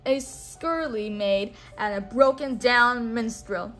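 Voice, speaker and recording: A woman's voice: fairly high pitch, slow, fairly bright tone. A woman voicing a gloating evil male king in a read-along storybook.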